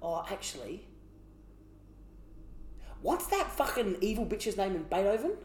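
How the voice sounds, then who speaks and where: A man's voice: high voice, sing-song, unhurried. A man co-hosting a podcast, joking crudely in casual banter and laughing often. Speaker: podcast co-host. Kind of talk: casual chat. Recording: roomy echoey room.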